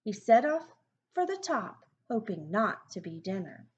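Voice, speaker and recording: Woman reading a picture book aloud, lively sing-song pitch, unhurried, muffled lo-fi sound. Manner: slow, sing-song rhyming delivery with chatty asides. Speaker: storybook reader.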